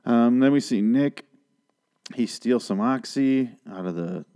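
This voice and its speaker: A man's voice: medium pitch, measured pace, warm tone, clean tone. A man hosting a casual TV episode review, talking in a rambling, profane and sarcastic way. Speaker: host of a TV review show.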